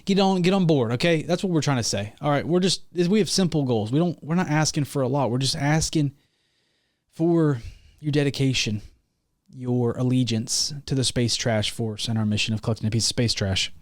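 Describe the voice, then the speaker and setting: A young man hosting a solo comedy podcast, rambling and hyped as he pitches his plan to listeners with mock-rallying energy. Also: normal speed, no echo, clean studio sound. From Missouri. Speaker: podcast host.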